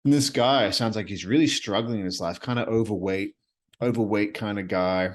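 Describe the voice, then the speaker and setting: Deep-voiced man musing on his podcast. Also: normal speed. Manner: rambling, earnest, repeats himself. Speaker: podcast host. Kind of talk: solo reflective podcast monologue. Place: his apartment at night.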